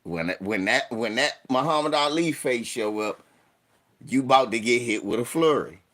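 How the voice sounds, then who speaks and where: A young man hosting a casual livestream, telling stories with animated delivery and mock voices. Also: mid-range voice, normal speed. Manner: animated storytelling, puts on voices and mock formal talk. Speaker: streamer host.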